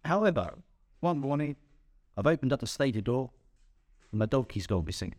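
A male preacher tells a light first-person story to make his point, chuckling along the way. His pitch rises and falls a lot as he performs it. The recording is dry and close, with no room echo. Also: normal speed. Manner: animated storyteller, chuckles at own jokes. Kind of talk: sermon with storytelling.

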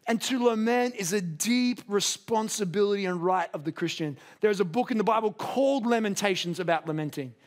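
A man preaching a sermon in an earnest, conversational way, raising his voice to a shout for emphasis. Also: high voice, brisk, hardly any pauses. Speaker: pastor.

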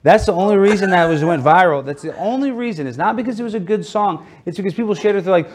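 A fast-talking man being interviewed, animated and joking as he tells his stories. His voice sits a bit high for a man. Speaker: guest. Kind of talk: casual interview talk.

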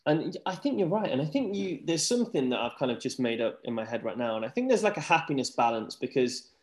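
A young man chats energetically on a podcast, with lots of "like" fillers. His voice sits at a middle pitch. The sound is roomy, with clear echo around him. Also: fast talker. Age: young adult. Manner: energetic, rambling, says "like" often. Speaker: guest, former pro tennis player. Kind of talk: casual podcast chat.

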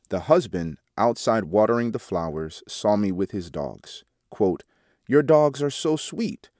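Deep-voiced man reading a devotional. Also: darkish tone, no echo, studio quality. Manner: measured, reads quote marks aloud. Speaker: devotional reader. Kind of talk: read-aloud devotional article.

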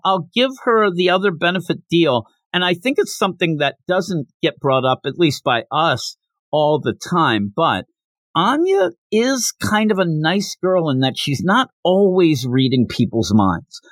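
Animated man recapping a manga. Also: fairly high pitch, unhurried, no room sound. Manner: animated, jumps into character voices. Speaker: podcast host.

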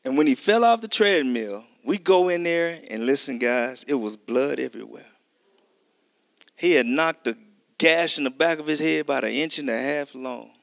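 A man's voice: on the high side, normal speed, gravelly, no echo, studio quality. A middle-aged man preaching a testimony sermon, telling a story animatedly and acting out the dialogue. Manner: conversational, addresses listeners as y'all.

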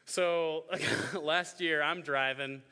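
A young pastor in his twenties tells a funny story in a sermon, playing out the voices of the people in it. His voice is bright and forward. It rings with the long reverb of a big hall. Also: fairly high pitch, steady tone, very slow, clear, resonant tone. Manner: joking storytelling, acts out voices. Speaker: youth pastor.

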